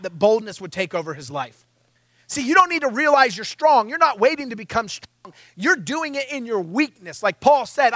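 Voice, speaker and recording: A man preaching a sermon in a church, telling stories in an animated, self-mocking way. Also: extremely high pitch, dry recording. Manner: animated, self-mocking storytelling, acting out his own panic.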